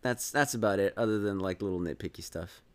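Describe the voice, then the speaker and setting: A man's voice: low-pitched, quick pace. A man hosting a podcast, chatting casually about a movie, rambling, chuckling and trailing off mid-sentence. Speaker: podcast host. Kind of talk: casual movie review chat.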